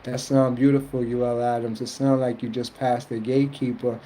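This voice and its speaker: Man, casual spiritual talk, rambling, colloquial, mellow warm voice, faint background hiss. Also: flat delivery, moderate pace, poor audio. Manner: rambling, earnest, colloquial, quotes others in high mock voices. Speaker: spiritual streamer answering chat.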